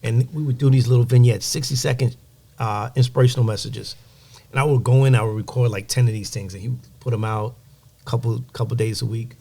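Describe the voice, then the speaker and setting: A man as a podcast guest, telling animated stories and giving emphatic motivational advice. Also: medium pitch, quick pace, vocal fry. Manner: animated storyteller, acts out quoted voices. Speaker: guest, music executive. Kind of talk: storytelling in a podcast interview.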